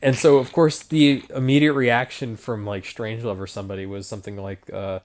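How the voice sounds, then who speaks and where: A man chatting on a podcast, rambling through a story with plenty of swearing and laughter. His voice sits at an everyday middle pitch. He keeps the tone loose and conversational. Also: level tone, brisk. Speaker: podcast host. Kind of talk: casual podcast chat.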